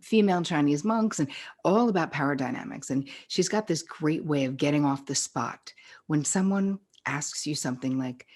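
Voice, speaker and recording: Her voice is deep and darkish, moving at a normal speed: a middle-aged New York-area psychotherapist chatting casually as a guest on a podcast. She talks frankly, curses freely, and performs the voices of those she quotes.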